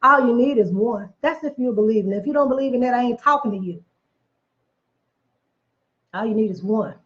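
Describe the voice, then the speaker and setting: A woman's voice: on the high side, normal speed, muffled recording. A woman giving a casual motivational talk, emphatic and preachy, repeating phrases for effect, with chatty folksy asides. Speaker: motivational speaker.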